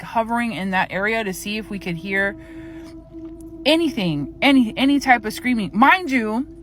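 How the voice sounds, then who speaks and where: A young woman casually telling a spooky personal story, animated and profane. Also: a little high, low-quality recording.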